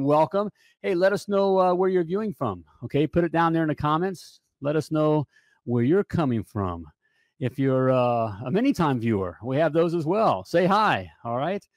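A man's voice: on the high side, dry recording, clean studio sound. Upbeat chatty male talk-show host. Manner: energetic and chatty, often asks "all right?". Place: home studio.

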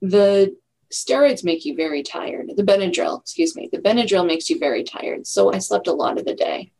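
A woman's voice: mid-range voice, expressive, normal speed, creaky, mellow, a little hiss or hum, poor audio. A middle-aged woman telling her own story in a candid, reflective way during a casual interview. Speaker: guest.

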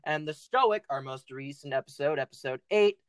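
Playful quiz host with shouted outbursts. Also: mid-range voice, lively intonation, moderate pace, smooth, dry recording. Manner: playful, goofy, with sudden loud shouted bursts. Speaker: podcast host running a quiz. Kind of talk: casual chat.

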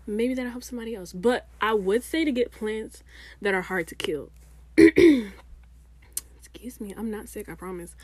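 Young woman vlogging, rambly and animated, lots of side tangents, dry close sound. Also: mid-range voice, no echo. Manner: chatty, animated, rambling with asides. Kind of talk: casual chat to camera.

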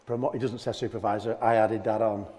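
A man preaching a sermon as pastor, animated and joking as he talks to his church. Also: on the low side, fast. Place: church hall. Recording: long hall reverb.

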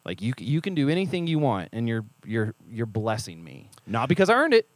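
Animated storytelling man, dry room. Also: medium pitch, no room sound. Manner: animated storyteller, acts out quoted voices, quick asides. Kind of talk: casual faith discussion.

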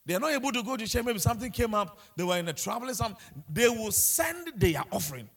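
A man's voice: high voice, big pitch swings, fast talker, creaky, a bit bright, breathy edge. A man preaching a sermon with passion, repeating himself and asking the congregation rhetorical questions. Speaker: pastor.

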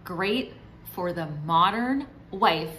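A woman's voice: medium pitch, animated, takes it slowly, pushed and bright, slight background noise, low-quality recording. Chatty woman giving marriage advice. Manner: chatty and encouraging, acts out quoted spouses. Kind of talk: direct-to-camera advice talk.

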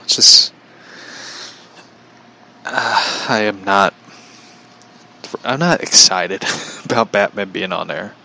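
A man's voice: fairly low pitch, creaky, pushed and bright. A young man chatting casually on a livestream, rambling, often chuckling and reading out viewer comments. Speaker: vlogger.

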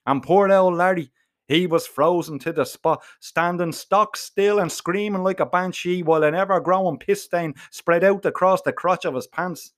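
A man's voice: high voice, moderate pace. A man telling a comic first-person story, full of swearing and slang. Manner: profane, slangy, animated.

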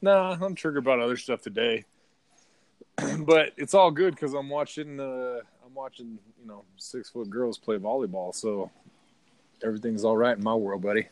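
A man's voice: medium pitch, moderate pace, a little mellow. A man co-hosting a podcast, telling a heated, profane story in casual chat. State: partly deaf in left ear. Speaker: podcast co-host.

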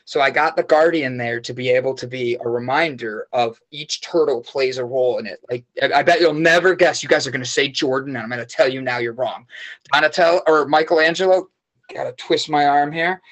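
A man guest on a podcast, telling rambling, animated stories and swearing freely in casual chat. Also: medium pitch, fairly quick.

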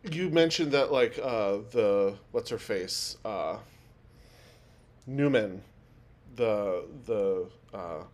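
A man's voice: lowish voice, expressive, drawn-out words, a little mellow. A man co-hosting a podcast, recapping a TV episode in casual chat, rambling with lots of fillers and acting out quotes in a raised voice. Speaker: podcast co-host.

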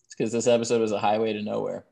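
Male podcast co-host, low-ish voice, hesitant rambling delivery. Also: level tone, very fast, gravelly, dark tone. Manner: rambling, hesitant, trails off mid-sentence. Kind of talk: casual chat.

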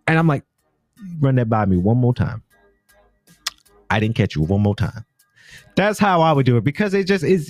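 An American man hosts a podcast of casual commentary, working through the news in a loose, rambling style and frequently stopping to correct himself. His mid-range voice has a darkish tone, captured in studio quality with no echo.

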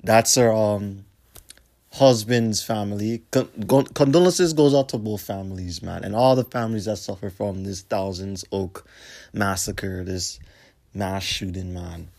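A man's voice: on the low side, a little slow, gravelly, darkish tone. A young man hosting his own show in a casual monologue, talking bluntly with lots of swearing and street slang and rambling from one point to the next. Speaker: host.

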